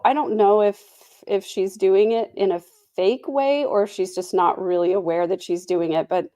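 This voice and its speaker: A woman with a lowish, mellow voice chats her way through a true crime livestream. She is reflective and unhurried, full of "um" and "you know," and answers viewers as she goes. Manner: chatty, reflective, many fillers. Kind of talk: casual livestream commentary.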